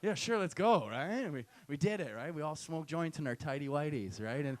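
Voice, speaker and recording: Young male stand-up host, slightly high voice, loose profane storytelling, live venue. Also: lively intonation, brisk. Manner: loose, profane storytelling with many "right?" tags. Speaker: stand-up comic and show host. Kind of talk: stand-up set with crowd work. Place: comedy night venue with live audience.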